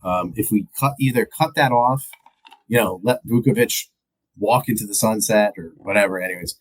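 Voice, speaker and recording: A man co-hosting a podcast, giving a rambling, animated film review and acting out movie lines. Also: lowish voice, moderate pace, poor audio. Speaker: podcast co-host. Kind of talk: casual film review chat.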